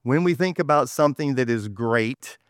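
A man's voice: medium pitch, expressive, normal speed, clear, resonant tone, no room sound, studio quality. A man with a Texas accent preaching a conversational sermon, folksy and self-correcting as he goes. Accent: Texan. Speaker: pastor.

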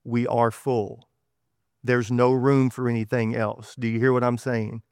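A man's voice: mid-range voice, level tone, measured pace, a little mellow, clear, resonant tone, no room sound, studio quality. A man with a Texas accent preaching a conversational sermon, folksy and self-correcting as he goes. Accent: Texan. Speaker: pastor.

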